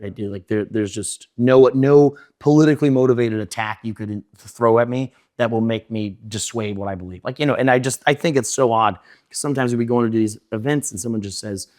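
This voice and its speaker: A young man telling his story in an interview, rushing in run-on sentences full of fillers and restarts. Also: mid-range voice, darkish tone, dry recording, studio quality. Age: young adult. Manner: fast, run-on talk with many fillers and restarts. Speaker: interview guest.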